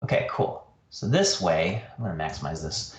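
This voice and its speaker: A man's voice: sing-song, normal speed. A man telling a story in a casual livestream chat, laughing often. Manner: laughing storyteller, jumps high when quoting. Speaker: guest artist. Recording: roomy echo.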